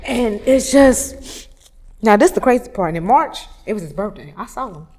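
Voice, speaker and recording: A woman, candidly telling a personal story, moving from hushed tones to loud animated retelling. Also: mid-range voice, moderate pace. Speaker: photographer telling her story. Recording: long reverb, roomy hall sound.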